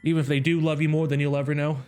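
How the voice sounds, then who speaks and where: A man's voice: on the high side, little pitch movement, very fast, a little mellow, clean tone, faint music behind. A young man hosting a casual let's play, rambling emotionally with lots of "you know"s. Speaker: gaming channel host.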